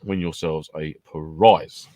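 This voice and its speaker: A man's voice: a bass voice, fairly even intonation, takes it slowly, dark tone, dry recording. A man co-hosting a casual podcast chat, bantering and laughing often. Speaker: podcast co-host.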